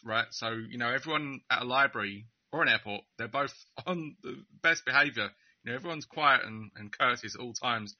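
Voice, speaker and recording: A young man with a Southeast Essex accent telling a personal story in a casual, wry, mocking way, stammering over restarts and chuckling. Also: mid-range voice. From England. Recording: slightly muffled recording.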